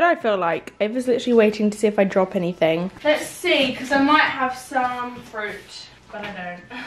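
A woman's voice: a little high, noisy background. Chatty young woman vlogging at home. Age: young adult. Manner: rambling, self-mocking and chatty. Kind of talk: casual vlog chatter. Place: home, indoors.

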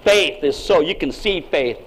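Older man, pastor, emphatic sermon delivery, high voice, quiet to shouting. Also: animated, measured pace, husky, poor audio.

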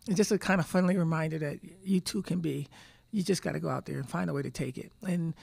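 Woman coach in her 50s at a presser, gravelly fry in her voice, emphatic, keeps restarting words. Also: low voice, fast, a little mellow. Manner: emphatic storyteller, repeats words while thinking. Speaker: head basketball coach. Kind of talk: press conference answers.

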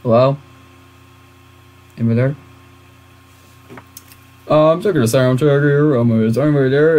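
A gaming video host giving let's-play commentary, excitable and prone to shrieking and laughing between quieter musing. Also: mid-range voice, normal speed, long pauses.

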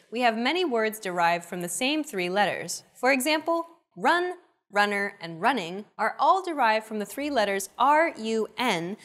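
A woman hosting a language lesson, reading a scripted explanation and cheering learners on with short prompts. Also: fairly high pitch. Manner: bright, encouraging teacher prompts.

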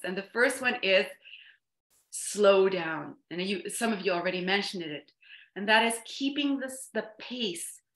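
A woman presentation coach talks through a video call, slowing down on purpose and leaning on key words. Her voice sits at a middle pitch. The room around her rings with a noticeable echo. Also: fairly bright tone. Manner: deliberate, slows down and stresses key words. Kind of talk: online workshop talk.

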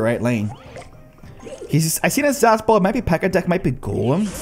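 A young gaming YouTuber with a slightly high voice that swings widely in pitch gives excitable live commentary on his gameplay. He coaxes his cards, mocks himself and talks directly to his viewers while faint music plays behind him.

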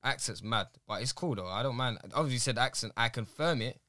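A young man hosting a casual podcast, asking questions quickly and telling stories. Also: mid-range voice, sharp tone, no room sound, clean studio sound. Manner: quick, curious, storytelling. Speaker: podcast host.

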